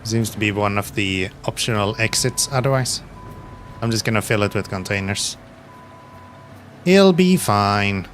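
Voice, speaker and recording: A man's voice: on the low side, a little slow, long pauses, faint music behind. A man streaming a construction game, chatting casually and muttering to himself as he plays. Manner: relaxed, mutters to himself while playing. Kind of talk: casual gameplay commentary.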